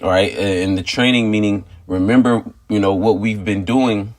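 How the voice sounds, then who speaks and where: A man with a fairly low voice tells a story from his workday in a loose, rambling way, with "you know" in almost every sentence. He then turns it into informal spiritual teaching and keeps pressing each point with "okay" and "all right". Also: steady tone, normal speed. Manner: emphatic, repeats "okay" and "all right" to drive points home. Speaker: religious teacher sharing a testimony.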